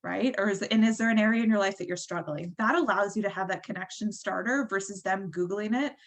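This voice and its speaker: A woman's voice: medium pitch, fairly quick. A woman in her thirties giving a chatty, encouraging motivational talk to her team on a call, full of fillers like "um" and "like.". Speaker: team leader.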